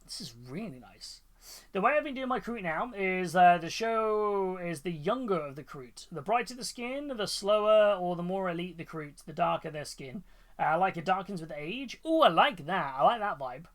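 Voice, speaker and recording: With a high, fairly bright voice, a man hosts a livestream and chats casually about painted miniatures his viewers send in. His enthusiasm spills into rambling talk packed with fillers and restarts.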